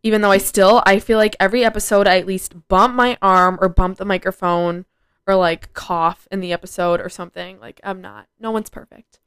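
Speaking at a fairly quick clip in a steady, medium-pitched voice, a teenage podcast host rambles through a casual solo chat full of "like." Her tone is fairly bright, clear and resonant. The studio-quality audio has no echo.

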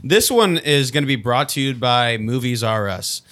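A man co-hosting a comedy podcast, reading silly made-up sponsor spots in a loose, rambling way. His voice sits at a middling pitch and is recorded dry and close, with no room sound. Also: animated, moderate pace, a bit bright, no echo. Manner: rambling, loses his thread. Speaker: podcast co-host. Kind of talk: casual comedic chat, fake ad reads.

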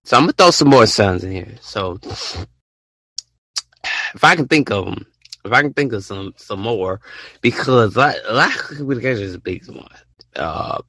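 A man's voice: fairly low pitch, animated, moderate pace, pauses often, bright, forceful tone, dry recording. A young man hosting a casual solo podcast, rambling and repeating himself as he acts out text conversations. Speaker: podcast host.

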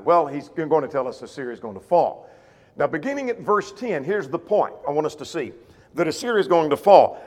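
Male Bible teacher, plain explainer, slightly high voice, reverberant church room. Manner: explains scripture plainly, rephrases verses, asks rhetorical questions. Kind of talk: verse-by-verse Bible class teaching. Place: church classroom or auditorium. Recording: long reverb of a church hall.

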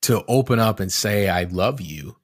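A man's voice: lowish voice, animated, moderate pace, husky, no room sound, clean studio sound. A man in a casual conversation, talking in a reflective, candid way, restarting his sentences often as he searches for words and swearing casually now and then.

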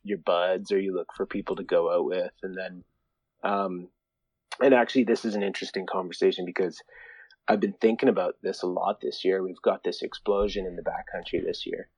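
A laid-back man with a lowish voice, talking in an easygoing way as a podcast guest. The sound is close and dry, with no room around it. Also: fairly even intonation, fairly quick, husky, no room sound, low-quality recording. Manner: mellow, easygoing. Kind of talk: casual chat.

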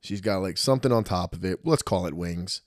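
A man's voice: sits low, a little fast, no echo, studio quality. A man from New Jersey hosting a podcast in casual chat, telling stories and acting out what people said, with some swearing. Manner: animated storyteller, acts out quotes, swears. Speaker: podcast host.

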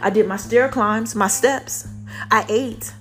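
Soft music accompanies a woman whose slightly bright voice sits on the high side as she takes her time giving a heartfelt faith testimony to viewers. She's a bit choked up, her throat constricted, and she repeats herself for emphasis.

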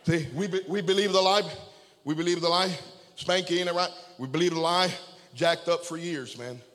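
A man's voice: on the high side, normal speed, a bit bright. A man preaching a sermon as a pastor, telling a story and calling out amen and okay to his congregation. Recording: long reverb of a large hall.

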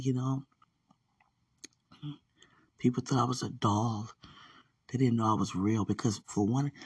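Gravelly, husky man talking casually. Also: medium pitch, a little mellow, dry recording, recorded from a distance. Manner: rambling, many fillers, laughs often. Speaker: podcast host. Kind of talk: casual personal monologue.

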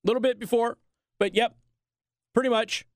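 A man hosting a talk show, delivering a sarcastic, animated political commentary monologue. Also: very high-pitched, moderate pace, dry recording, clean studio sound.

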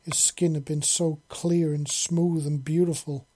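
A narrator reading an explicit chapter of a fantasy audio story in a steady, blunt delivery with coarse words. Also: medium pitch, unhurried, breathy edge.

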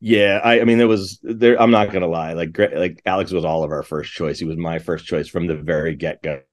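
A middle-aged man with a very deep, low voice talks as an interview guest. He rambles eagerly, restarting his sentences again and again as he gets caught up in his story. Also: steady tone, fairly quick. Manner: enthusiastic, rambling with many restarts. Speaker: composer and director guest. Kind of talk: casual interview talk.

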